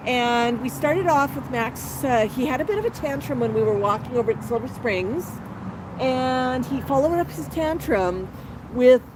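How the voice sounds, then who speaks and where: Chatty woman livestreaming outdoors, high voice. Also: noisy background. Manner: chatty, talks to her bird and viewers in turn. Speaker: parrot channel host. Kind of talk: casual livestream chat. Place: outdoor patio.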